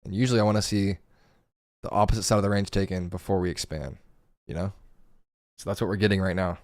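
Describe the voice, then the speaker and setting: A man with a hoarse, gravelly voice giving casual live commentary while day trading, thinking aloud over his charts. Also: low voice, fairly even intonation, fast talker, a little mellow, no echo, studio quality. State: hoarse, voice going.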